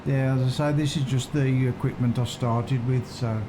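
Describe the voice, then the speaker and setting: A man's voice: mid-range voice, steady tone, normal speed. Man musing through a farming stream. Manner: musing, unsure, chats with viewers. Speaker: game streamer. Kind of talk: casual live-stream commentary. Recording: constant background noise.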